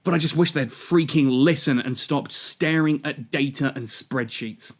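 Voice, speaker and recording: Male gaming host, worked-up and sarcastic monologue, slightly high-pitched. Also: moderate pace, few pauses. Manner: exasperated, ranting, sarcastic. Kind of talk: video game commentary monologue.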